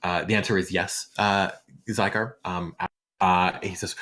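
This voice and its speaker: A man narrating a tabletop game as game master, in a relaxed way full of fillers. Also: deep voice, measured pace.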